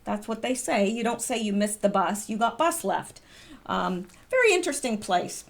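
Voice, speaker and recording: A middle-aged American woman hosts her own channel, reading posts aloud in a casual commentary vlog. Her mid-range, creaky voice is very animated at a moderate pace, and she chats in a rambling way, wandering off topic with lots of filler ums.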